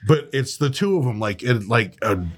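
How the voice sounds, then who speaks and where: A man in casual, profane chat, telling animated stories and acting out the people in them. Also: mid-range voice, normal speed. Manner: profane, animated storyteller who acts out quotes.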